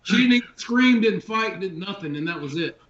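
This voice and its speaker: A man's voice: high voice, lively intonation, a crowd in the background. A middle-aged man, a podcast host, telling folksy stories in casual chat, often adding "man". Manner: folksy storyteller, drawn-out tales with "man". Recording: roomy, dull lo-fi sound.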